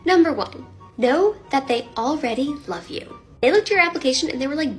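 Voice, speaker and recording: A woman's voice: high voice, animated, fast talker, faint music behind. A woman giving upbeat, encouraging career tips straight to camera in a punchy, casual way. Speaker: career advice creator.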